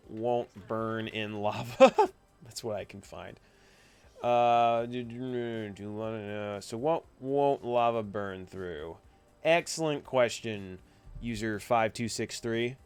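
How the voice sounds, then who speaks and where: A man's voice: mid-range voice, smooth. A young man giving a screen-recorded tutorial, narrating each click with chatty, playful asides. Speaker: coding instructor.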